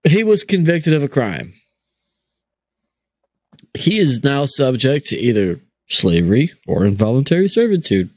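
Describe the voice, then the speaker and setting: A man's voice: mid-range voice, big pitch swings, unhurried, long pauses, a little mellow, no room sound. A young man hosting a podcast, joking and swearing through casual banter. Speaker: podcast host.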